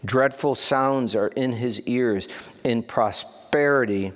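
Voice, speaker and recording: A man teaching a Bible study, reading scripture aloud and then explaining it in a halting, conversational way. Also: mid-range voice, fairly bright tone. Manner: slow, halting, conversational asides.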